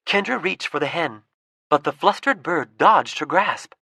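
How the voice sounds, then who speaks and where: A woman narrating a fantasy audiobook with a lively, expressive reading. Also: deep voice, measured pace, breathy edge, dry recording, clean studio sound. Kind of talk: storybook narration.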